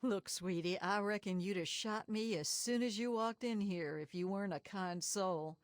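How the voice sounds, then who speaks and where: A woman's voice: medium pitch, normal speed, no room sound, clean studio sound, natural voice. An actress voicing a sly, folksy backwoods moonshiner woman with a Southern drawl in a game. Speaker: game character.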